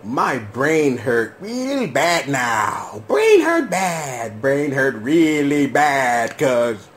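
A man rambles through casual reaction commentary in a loose, slangy way. He talks at an unhurried pace, but his voice swings wildly and often leaps into high, shouted disbelief. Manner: excitable, bursts into high-pitched shouted disbelief. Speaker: show host.

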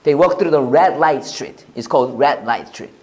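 A pastor with a Korean accent preaching a sermon, animated and often checking with the audience. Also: male voice, mid-range voice, normal speed. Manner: animated, repeats and restarts, asks the audience "right?".

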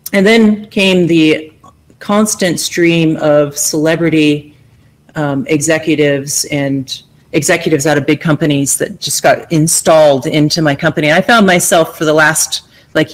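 A woman's voice: low voice, poor audio. A middle-aged woman from the United States, giving a conversational conference talk about her own journey, candid and full of fillers and restarts. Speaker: conference keynote speaker. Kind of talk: personal storytelling talk.

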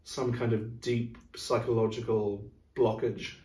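A middle-aged man of the music director type speaks a little slowly in a low, level, dark-toned voice, casually and thoughtfully explaining classical music while singing rhythms aloud. The recording is roomy, taken from a distance off mic.

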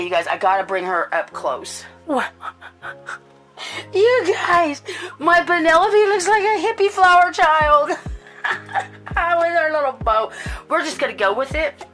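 A woman hosts a chatty doll-collecting vlog, doting and gushing over each little detail. She talks to her viewers casually, with plenty of ums and soft asides. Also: a little high. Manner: gushing, doting, many fillers. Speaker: doll collector and channel host.

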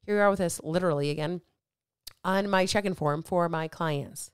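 Blunt, swearing woman coach, crisp and dry. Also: lowish voice, normal speed, no room sound. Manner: blunt and emphatic, swears freely; motivational, addresses listeners directly. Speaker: weight loss coach and podcast host. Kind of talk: casual podcast monologue.

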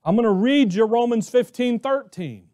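A man's voice: very high voice, expressive, moderate pace, dark tone. A man preaching a sermon as pastor, emphatic, asking rhetorical questions and repeating phrases as he builds his point. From Arizona, US.

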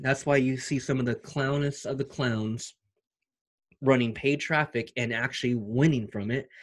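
A young man vlogging about his online side income in an excited, repetitive, slangy pep-talk style. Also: mid-range voice. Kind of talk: energetic motivational vlog talk.

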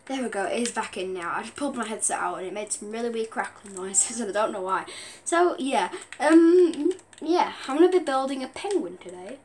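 A woman's voice: fairly high pitch, animated, fairly quick, darkish tone, a little hiss or hum. A young woman on a headset mic, rambling through casual game commentary and often breaking into giggles. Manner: giggly, rambling, keeps apologizing for laughing. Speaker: gaming vlogger.

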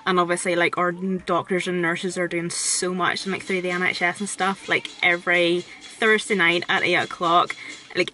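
A woman's voice: lowish voice, pushed and bright, slight background noise, poor audio. A woman in her twenties with a Northern Irish accent, chatting casually to camera from a parked car and filling her talk with "like". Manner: chatty, rambling, fills talk with "like". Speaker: vlogger.

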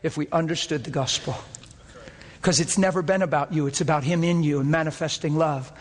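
A man preaching a sermon in a church, impassioned and rapid-fire, his voice climbing toward near-shouting peaks. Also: on the high side, fairly even intonation, in a large hall.

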